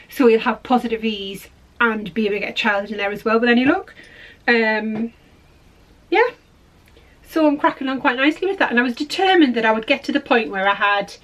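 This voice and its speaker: A woman's voice: a little high, a bit bright, low-quality recording. A woman hosting a podcast in a casual, rambling, self-deprecating chat. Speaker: podcast host.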